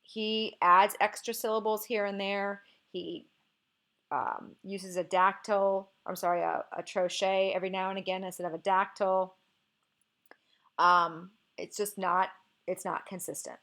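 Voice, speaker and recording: Lady teacher walking students thru poetry meter, patient, keeps checking in, mid-pitched voice. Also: little pitch movement, unhurried, fairly bright tone. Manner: patient, explanatory, checks in with okay. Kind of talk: recorded literature lesson.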